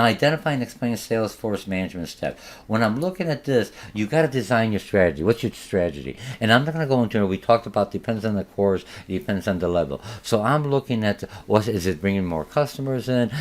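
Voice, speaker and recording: A man teaching a college marketing lecture in a rambling, conversational way, with many restarts and acted-out examples. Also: lowish voice. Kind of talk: recorded lecture.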